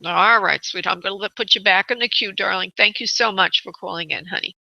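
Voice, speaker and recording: Brief: bright, fairly high woman, radio medium host, dry muffled sound. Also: quick pace, gravelly, no room sound. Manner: calls callers honey and sweetheart. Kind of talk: radio call-in readings.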